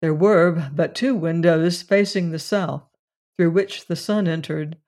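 A narrator reading a story aloud at a measured pace. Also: medium pitch, darkish tone. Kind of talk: audiobook narration.

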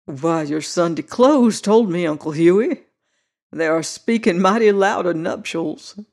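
A young cowboy with an easy Southern drawl, as an audiobook reader plays him. He speaks slowly and gently, teasing with a soft voice. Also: mid-range voice, close to an everyday voice.

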